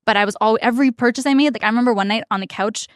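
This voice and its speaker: A young woman talking fast and animatedly on a podcast, slipping into the voices of people in her stories. Her voice sits a little high, and the recording is close and dry. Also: dry recording. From Canada. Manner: animated storyteller acting out her past self. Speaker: finance content creator guest. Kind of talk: casual podcast interview.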